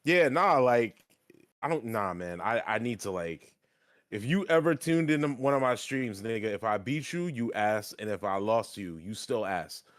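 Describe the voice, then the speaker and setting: A man's voice: fairly low pitch, animated, normal speed, dry recording, studio quality. A man in a casual gaming chat, blunt and boastful, with plenty of trash talk.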